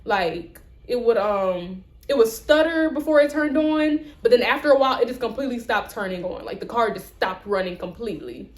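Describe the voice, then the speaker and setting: A woman's voice: fairly high pitch, normal speed, hardly any pauses, echoey room. A young woman vlogger telling a rant-style story, acting out the people in it. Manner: animated, acts out both sides of conversations.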